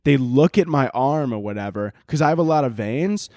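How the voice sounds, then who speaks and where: A man's voice: medium pitch, animated, normal speed, a little mellow, no room sound, studio quality. Rambling, cursing podcast host man. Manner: rambling, profane, laughs often. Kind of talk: casual comedic podcast monologue.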